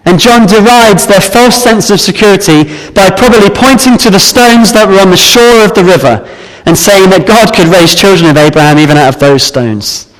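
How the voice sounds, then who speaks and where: A man preaching a sermon, explaining a Bible passage in an earnest, measured way. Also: high-pitched. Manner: earnest, measured Bible exposition with some restarts. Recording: reverberant hall.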